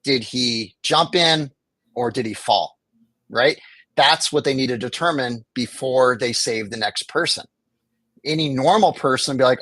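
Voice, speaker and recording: A homelessness advocate, appearing as an interview guest, argues impassioned points and mimics quoted officials in a conversational exchange. He has a mid-range, slightly bright voice at a measured pace, captured in a dry, low-quality recording.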